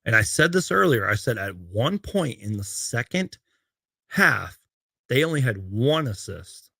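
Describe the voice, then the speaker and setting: A man's voice: mid-range voice, big pitch swings, measured pace, gravelly, sharp tone, husky, no room sound, studio quality. A man hosting a casual sports livestream, reading out game stats and viewer comments in a loose, rambling way. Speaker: sports fan livestream host. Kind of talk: casual live-stream chat.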